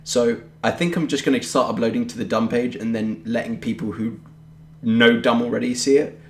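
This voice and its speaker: A man's voice: medium pitch, fairly even intonation, normal speed, a little hiss or hum. A young man, co-hosting a podcast in casual chat, rambling and offhand with a jokey way of talking. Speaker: podcast co-host. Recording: roomy echoey home recording.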